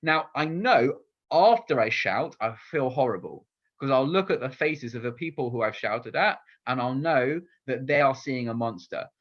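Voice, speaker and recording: A man speaking as a rabbi in a loose, conversational sermon. He is open and reflective, at a middling pitch. The recording sounds dull and a little lo-fi. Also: moderate pace. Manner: candid, personal and reflective.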